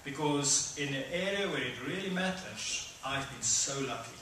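A middle-aged man preaching a conversational sermon, acting out voices with sudden loud high bursts. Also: expressive, moderate pace, far from the mic, slight background noise. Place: church hall. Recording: echoey hall, speaker away from mic.

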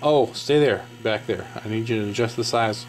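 There's a little hiss or hum under this man's lowish voice, which moves at a moderate pace. He's in a cluttered home garage hosting a hands-on arcade repair video, chatting casually with chuckles and rambling, self-interrupting tangents.

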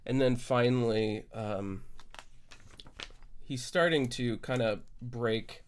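A man narrating as game master, halting and full of fillers. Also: mid-range voice, fairly even intonation, clean tone.

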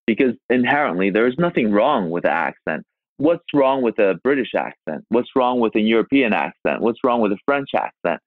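Man from China, podcast guest, earnest and emphatic, lowish voice over a thin phone-like call. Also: no room sound. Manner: earnest, emphatic, rhetorical questions. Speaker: guest actor. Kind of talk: podcast interview. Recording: tinny phone-like remote line.

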